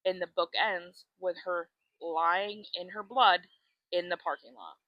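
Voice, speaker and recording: Casually recapping a book with her co-host, she acts out the characters' lines as an animated storyteller, swearing often. Her voice is on the low side and a little slow, with no room sound and dull audio.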